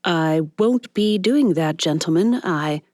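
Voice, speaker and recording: A woman narrator voicing a reluctant young male film star who speaks quietly and hesitantly. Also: sits high, animated, takes it slowly, no room sound, clean studio sound. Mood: firm.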